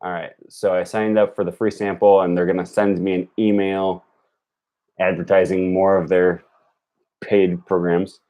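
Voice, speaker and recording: A young man thinking aloud on a live stream, slowly repeating words as he practises them. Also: low-pitched, flat delivery, mellow. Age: young adult. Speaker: language learner streaming. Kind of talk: casual live-stream commentary.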